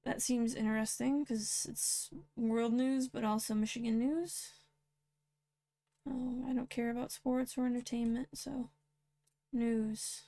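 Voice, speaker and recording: A woman with a somewhat high voice reads news headlines aloud as host. She breaks in with blunt, sarcastic remarks in a casual, unscripted way. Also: level tone, measured pace, dark tone. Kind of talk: reading and commenting on news headlines.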